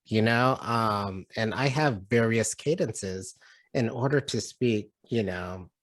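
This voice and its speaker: A man's voice: lowish voice, slow pace, no echo. A man with a Hawaiian accent on a discussion panel, speaking reflectively and thinking aloud.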